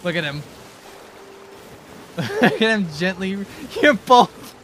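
A man's voice: high voice, huge pitch swings, takes it slowly, a crowd in the background. A man streaming a pirate game with friends, teasing his crew and swearing freely in casual chat. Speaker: streamer, ship captain in game.

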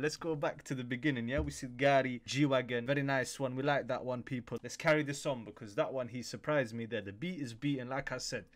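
A man's voice: mid-range voice, fairly even intonation, brisk, few pauses. A young man, hosting a music reaction video in upbeat, slangy casual commentary that addresses viewers directly. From United Kingdom. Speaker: YouTube reaction host.

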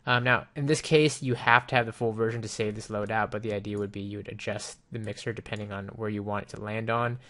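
A man with a fairly low voice talks through a software demo at his desk, loose and conversational. He explains each feature as he clicks through it and often pauses on an um or a you know. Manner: relaxed, explanatory, with frequent ums and you-knows. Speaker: software reviewer. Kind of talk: casual screen-recorded software walkthrough. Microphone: desktop microphone with headphones.

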